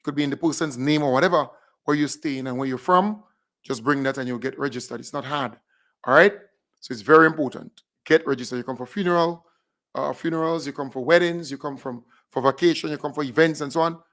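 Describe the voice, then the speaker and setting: A man with a Grenadian accent hosting a radio show, animated, repeating himself as he calls out names and thanks listeners. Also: a little high, a little fast. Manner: animated, repeats phrases, big up shout-outs. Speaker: radio host. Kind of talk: casual radio shout-outs.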